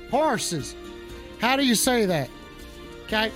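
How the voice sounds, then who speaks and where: A man's voice: sits high, moderate pace, a bit bright, soft background music. A man hosting a live call-in stream in character as a touchy, swearing cowboy with a put-on drawl, rambling and reacting to chat.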